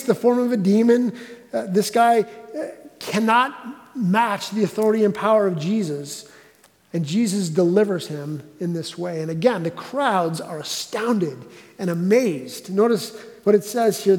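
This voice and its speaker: Guy preaching a sermon, pretty high voice, big echoey church hall, chatty and lively. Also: normal speed. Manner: conversational, animated preacher asking the room questions. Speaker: pastor. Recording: reverberant hall.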